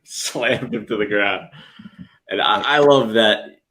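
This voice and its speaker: A man's voice: lowish voice, slow, pushed and bright, low-quality recording. A young man co-hosting a podcast in casual chat, enthusiastic and slangy. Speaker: podcast co-host.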